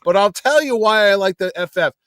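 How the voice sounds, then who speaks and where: A man with a slightly high voice talking in a casual podcast, animated and blunt as he tells his stories. His speech is crude and full of swearing. The sound is dry and close. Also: fairly quick, no echo. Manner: animated storytelling, blunt and profane.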